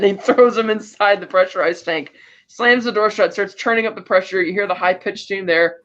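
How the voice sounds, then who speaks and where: A man with a notably high voice runs through a film's story in a loose, casual recap. He tells it with animation and often trips and restarts mid-sentence. The audio is slightly muffled and lo-fi. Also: fairly quick, a bit bright. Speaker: podcast co-host.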